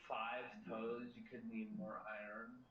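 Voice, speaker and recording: A man's voice: lowish voice, level tone, slow pace, slight background noise. A man hosting a casual podcast, quizzing his co-hosts in a matter-of-fact way. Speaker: podcast host. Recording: roomy, distant, dull mic.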